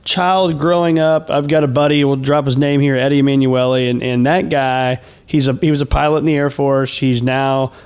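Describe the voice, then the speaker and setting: A man's voice: medium pitch, flat delivery, normal speed, hardly any pauses, a little mellow, smooth. A man hosting an interview show, chatting in a friendly way and asking long, rambling questions. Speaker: host. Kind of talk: casual interview talk.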